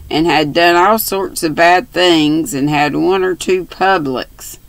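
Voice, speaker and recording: A woman voicing an eager, earnest little girl who pleads and tries to please, speaking slowly with a gravelly tone. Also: lowish voice, fairly bright tone, no echo, rough recording.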